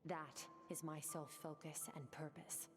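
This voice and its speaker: An actress playing a determined young swordswoman who speaks in a quiet, resolute way, heard in game audio over music. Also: deep voice, level tone, a little slow. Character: determined young female swordswoman, cool and reserved.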